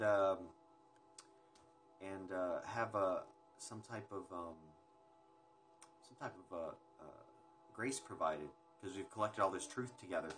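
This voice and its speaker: A man's voice: on the low side, a bit bright. A young man hosting a casual livestream, chatting loosely with viewers and rambling between topics with the odd swear word. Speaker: livestream host. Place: indoors at home. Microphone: phone livestream. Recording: music playing in the background.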